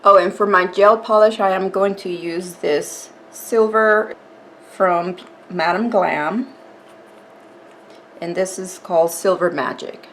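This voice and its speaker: A woman's voice: lowish voice, takes it slowly, slight background noise. Woman talking through a nail tutorial. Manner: relaxed, chatty, explains step by step with fillers. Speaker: nail art tutorial host.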